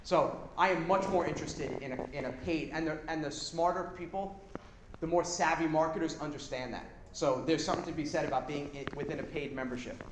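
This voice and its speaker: A man giving a live workshop talk to an audience, casual, energetic and blunt, now and then swearing. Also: fairly high pitch, brisk. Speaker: seminar presenter. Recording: echoey room with background noise.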